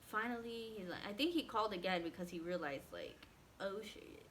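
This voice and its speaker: A woman telling a personal story in a casual storytime vlog, animated and acting out what others said, with many "like" fillers. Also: mid-range voice, a little fast, a little hiss or hum. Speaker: vlogger.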